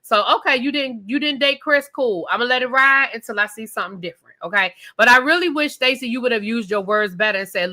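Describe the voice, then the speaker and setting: A woman reviewing a reality TV episode in a blunt, profane, animated rant. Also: a little high, fast, hardly any pauses.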